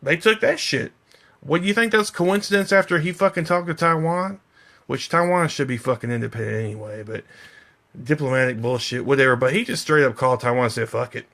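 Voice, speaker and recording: A man's voice: medium pitch, fairly quick, vocal fry, a bit bright. A slightly drunk man ranting on a live stream, heated, profane and rambling. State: a little drunk. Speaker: vlogger.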